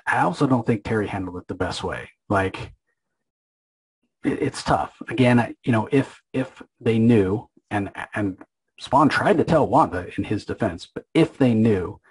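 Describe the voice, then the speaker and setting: A man's voice: on the low side, darkish tone, slightly rough, rough recording. A man casually recapping a comic book issue, rambling and opinionated, with lots of filler words.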